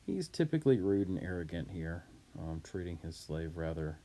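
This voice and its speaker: A man teaching Latin, reading a text aloud and explaining it deliberately, word by word. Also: low voice, very animated, warm tone, a little hiss or hum.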